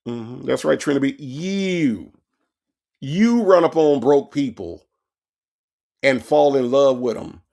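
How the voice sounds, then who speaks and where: A man's voice: medium pitch, expressive, measured pace, vocal fry, darkish tone. A man hosting a true-crime comedy podcast, delivering sarcastic, profane commentary and repeating his points for effect. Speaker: podcast host.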